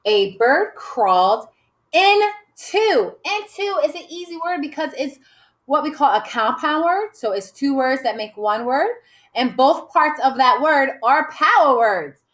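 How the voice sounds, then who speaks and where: A woman teacher slowly modeling a writing lesson for young children, sounding out letters with cheerful emphasis. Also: sits high, animated, fairly bright tone. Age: adult. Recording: echoey room.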